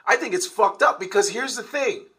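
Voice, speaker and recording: A man rants in a casual conversation, swearing hard and pressing each point. His voice is extremely forceful and tense, and sits a bit high for a man. He talks in loose, heated bursts. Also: expressive, normal speed. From United States. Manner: profane, emphatic ranting.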